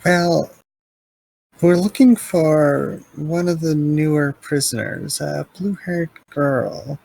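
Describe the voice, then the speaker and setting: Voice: mid-range voice, takes it slowly, creaky, a little mellow, dry recording, poor audio. A player asking plain, polite questions in character at a tabletop game.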